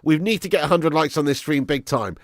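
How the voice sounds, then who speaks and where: Excitable young man on a dry mic. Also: fairly high pitch, brisk, no room sound. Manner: excitable banter, swearing, laughing with chat. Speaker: livestream host. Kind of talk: casual live chat.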